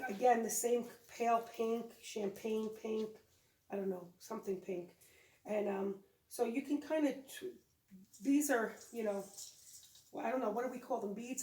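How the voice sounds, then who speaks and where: Woman rambling about her tree decorations, kinda high voice, echoey room, sounds a bit off mic. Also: normal speed, darkish tone, recorded from a distance. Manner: rambling, chatty, self-correcting. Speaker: co-host of home decorating channel. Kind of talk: casual home vlog chat.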